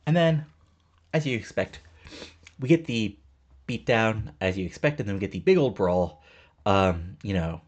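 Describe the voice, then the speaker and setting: A man's voice: fairly low pitch, lively intonation, normal speed, pauses often, darkish tone. A man casually rambling through a wrestling booking game, loose and full of fillers. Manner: rambling, loose, many fillers like you know and um. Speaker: game let's-player. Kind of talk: casual commentary over a wrestling booking sim.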